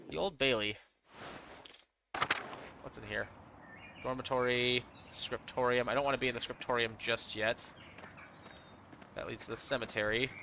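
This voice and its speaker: A man thinking aloud in low-key, casual commentary while playing a story game, in a noisy home recording. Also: fairly even intonation, a little slow, creaky, pauses often, pushed and bright. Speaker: let's play gamer.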